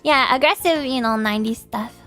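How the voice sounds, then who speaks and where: A woman's voice: on the high side, a little fast, fairly bright tone, faint music behind. A woman streamer chatting casually with her viewers, laughing often and greeting chat, her nose stuffed up.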